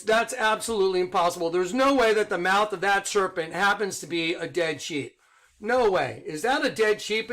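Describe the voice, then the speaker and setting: A middle-aged man giving an excited religious monologue online, insistent and rhetorical, repeating his points. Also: high voice. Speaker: online preacher.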